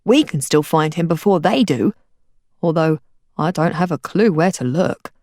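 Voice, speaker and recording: A wry, easygoing teenage boy from a storybook, as a woman reader puts him on. He answers coolly, with a lively rise and fall in his voice. The recording sounds dry and close. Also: sits low, normal speed, no room sound, pitched below the performer's own voice. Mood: calm, wry. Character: brash clever teenage boy.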